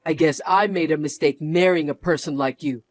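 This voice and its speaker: A man's voice: fairly high pitch, normal speed, no echo, lightly acted. An actor playing a mocking, controlling young husband who laughs often as he sneers. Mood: scolding. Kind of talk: narrated drama acting.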